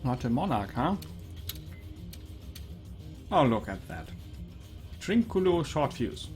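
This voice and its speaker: A man's voice: medium pitch, sing-song, slow pace, a little mellow, faint music behind. A man streaming a video game and chatting about it in an amused, laughing way. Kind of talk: casual gameplay commentary.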